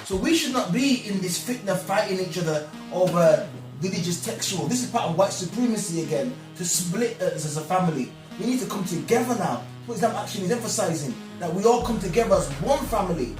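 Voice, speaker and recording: A man's voice: high-pitched, lively intonation, brisk, hardly any pauses. A man speaking as a guest in a religious discussion, earnest and emphatic like a preacher. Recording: echoey room, far from mic, music behind.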